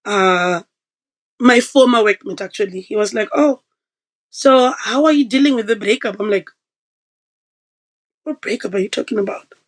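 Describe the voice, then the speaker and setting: Her voice is mid-range and her speed normal, with long pauses throughout. She's a guest on a podcast, narrating a personal story casually and vividly while acting out quoted voices, all captured in a low-quality recording.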